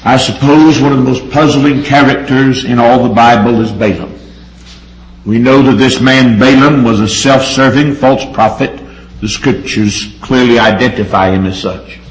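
A man preaching a sermon in an earnest, emphatic way, stressing words and drawing out phrases slowly. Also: mid-range voice, steady tone. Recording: echoey room.

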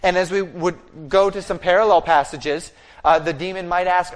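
A man's voice: high voice, steady tone, moderate pace. A man preaching a sermon that explains a scripture passage line by line and acts out the quoted speech. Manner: expository preaching with fillers and restarts, acting out quoted speech. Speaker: pastor.

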